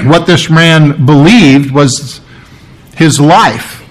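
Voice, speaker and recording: Earnest preacher man, slightly high voice. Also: expressive, very slow, breathy edge, rough recording. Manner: earnest, repeats key phrases for emphasis; explains scripture word by word, teacherly. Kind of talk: sermon with Bible reading.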